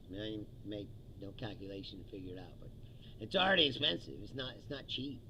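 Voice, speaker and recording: A man's voice: mid-range voice, pushed and bright, slight background noise. A man hosting a livestream, giving a casual, profane political rant with sarcastic asides and chuckles at his own jokes.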